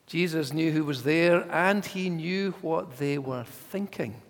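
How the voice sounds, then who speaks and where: A man preaches in a church at a slow, deliberate pace, leaning hard on key words. His voice sits a little high, and a long reverb trails each phrase through the hall. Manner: measured, emphatic, dropping to whispers for voiced thoughts. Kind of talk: sermon.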